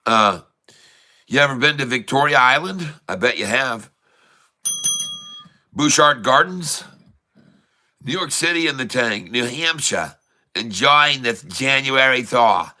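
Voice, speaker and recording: A man hosting a casual livestream, chatting warmly and reading out where viewers are from. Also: mid-range voice, expressive, slow pace, long pauses. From Michigan. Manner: chatty, reads out viewers' locations. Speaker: livestream host.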